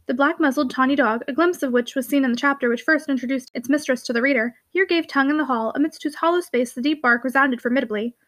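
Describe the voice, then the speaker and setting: A woman narrates a classic novel for an audiobook, her voice pitched high and light. She moves through the text at a brisk, steady pace without lingering on any line.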